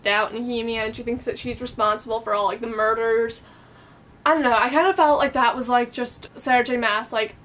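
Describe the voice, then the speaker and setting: A woman's voice: a little high, fairly bright tone. A woman reviewing a book in a casual vlog, chatty and playful, with lots of fillers.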